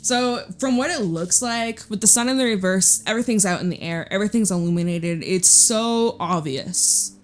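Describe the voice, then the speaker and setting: A woman's voice: mid-range voice, moderate pace, few pauses, faint music behind. Chatty swearing woman reading tarot. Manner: chatty, blunt, swears freely, laughs often. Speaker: tarot reader.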